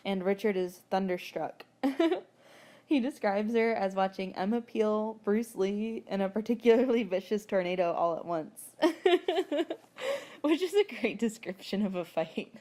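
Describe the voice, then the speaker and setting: Mellow-voiced woman rambling through a recap. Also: mid-range voice, animated, unhurried. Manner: rambling, chatty, laughs often, swears freely. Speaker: podcast host. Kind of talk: casual book recap.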